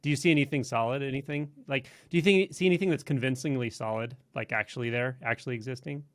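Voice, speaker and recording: Male host, mid-pitched, gentle probing questions. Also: quick pace. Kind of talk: interview.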